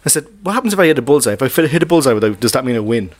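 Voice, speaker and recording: An Irish man co-hosting a comedy podcast, telling a story in an animated way that repeats words. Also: mid-range voice, rapid-fire. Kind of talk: casual chat, storytelling.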